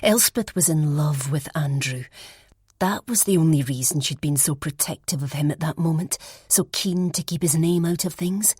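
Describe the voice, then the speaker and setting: A woman reads a first-person mystery audiobook with even, measured pacing. Her voice is low and slightly husky, and it is recorded close and dry in a quiet studio. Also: dry recording. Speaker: audiobook narrator.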